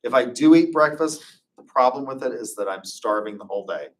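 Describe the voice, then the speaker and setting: A man's voice: medium pitch, expressive, a little fast, distant mic. Chatty man lecturing. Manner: chatty, anecdotal, loose storytelling. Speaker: instructor. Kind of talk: informal classroom lecture.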